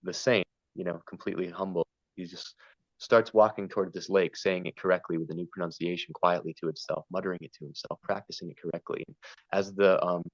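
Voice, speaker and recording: A man's voice: deep voice, fairly even intonation, a little fast, no echo, muffled recording. A man talking earnestly and at length in a spiritual conversation, wandering between ideas and stories. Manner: meandering, earnest, storytelling. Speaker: podcast guest.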